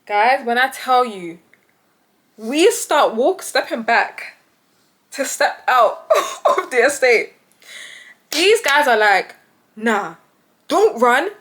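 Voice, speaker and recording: A young woman with a British accent telling a story to her vlog audience, animated and acting out the voices of the people in it. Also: slow, pauses often. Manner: animated, acts out quoted voices with big pitch jumps. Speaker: vlogger.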